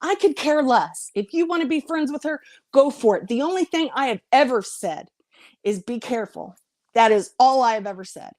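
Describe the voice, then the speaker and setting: A woman's voice: sits high, animated, normal speed, a little mellow, no room sound, clean studio sound. A woman YouTuber ranting to her viewers on her vlog, blunt and confrontational, swearing freely. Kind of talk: heated vlog rant to viewers.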